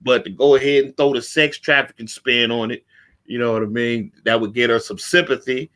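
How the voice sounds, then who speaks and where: Man, podcast host, casual storytelling, animated delivery, mid-pitched voice. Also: a little fast. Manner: animated street storyteller, acts out quotes.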